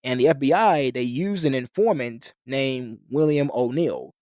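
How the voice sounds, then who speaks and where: A man delivers an explanatory history lecture in long, winding sentences, now and then restarting a phrase or adding a filler. His voice sits at an ordinary middle pitch, and the recording is dry and close, with no room sound. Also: unhurried, darkish tone, no room sound. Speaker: lecturer on a philosophy channel.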